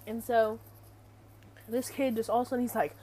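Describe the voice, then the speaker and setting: A woman's voice: fairly high pitch, fairly even intonation, normal speed, mellow. Chatty young woman telling a story. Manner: rambling, filler-heavy, chatty. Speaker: vlogger. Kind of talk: casual storytime.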